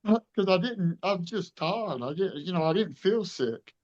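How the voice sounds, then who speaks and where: A man in his fifties tells his story in a casual interview. He is earnest and emotional, and he acts out the back-and-forth dialogue as he goes. His voice sits a little high, and the recording sounds dull and muffled. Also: animated, moderate pace, darkish tone. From Louisiana. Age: 50s. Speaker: truck show director being interviewed.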